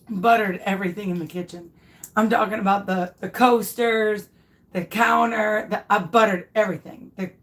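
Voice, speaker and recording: A woman in her thirties hosting a craft video, casually telling viewers a funny personal story with lots of laughter and restarts. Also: medium pitch. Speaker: craft tutorial host.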